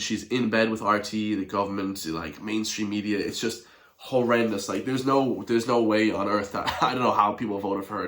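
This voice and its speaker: A man ranting scornfully in an animated political commentary video, with mocking gasps. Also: fairly low pitch. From Ireland.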